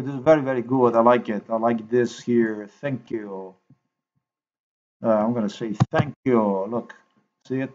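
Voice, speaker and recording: A man talking to his viewers in a rambling, halting way while he edits a video, repeating himself and filling gaps with "you know". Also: medium pitch, steady tone, a little mellow, dull audio. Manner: repetitive, halting, thinks aloud with many fillers. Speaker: video maker.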